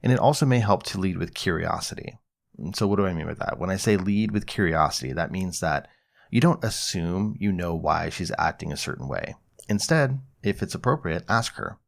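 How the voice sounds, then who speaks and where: Deep-voiced man giving calm advice. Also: fairly quick, vocal fry. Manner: calm, explanatory, acts out example dialogue. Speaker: podcast host, psychologist. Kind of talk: advice podcast.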